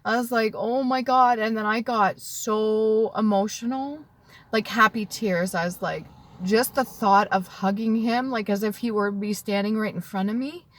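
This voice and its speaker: A woman in her thirties telling an emotional personal story to the camera, tearful and heartfelt, dropping at times to a soft whisper. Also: medium pitch, fairly even intonation, moderate pace. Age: 30s. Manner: tearful and heartfelt, drifting between soft whispers and earnest talk. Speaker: vlogger.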